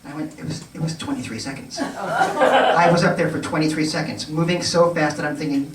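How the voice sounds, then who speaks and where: A man telling a funny story live on a nightclub stage, animated, laughing and stumbling over his restarts. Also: a little high, fairly quick, slight background noise. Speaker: storyteller in a cabaret show. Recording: roomy live sound from a distant mic.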